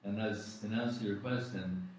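A man giving a devotional talk, earnestly recounting sacred stories with frequent pauses. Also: on the low side, fairly even intonation, slight background noise. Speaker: devotional speaker. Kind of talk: devotional storytelling discourse. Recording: echoey room, distant mic.

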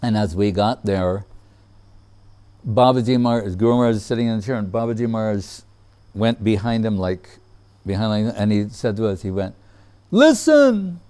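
A man telling a personal memory in casual storytelling, relaxed, laughing often and acting out what others said. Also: lowish voice, fairly quick, smooth.

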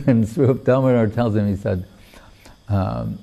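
A man giving a devotional talk, retelling a sacred story in a measured, unhurried way with pauses. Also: fairly low pitch, vocal fry, mellow. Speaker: spiritual teacher.

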